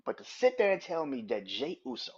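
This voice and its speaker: A man's voice: on the high side, huge pitch swings, a little fast, husky. Heated, profane man ranting on a podcast. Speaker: podcast host. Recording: dull lo-fi audio.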